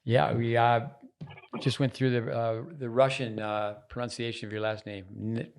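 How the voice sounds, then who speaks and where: A man's voice: mid-range voice, little pitch movement, moderate pace, clear, resonant tone. A man hosting a casual tennis podcast from a resort, chatty and rambling. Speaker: podcast host.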